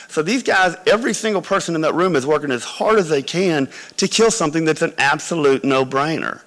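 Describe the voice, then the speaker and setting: A man's voice: on the high side, fairly quick, few pauses, fairly bright tone. A man, a company founder, giving a conversational business talk full of anecdotes to MBA students, with hall reverb around him.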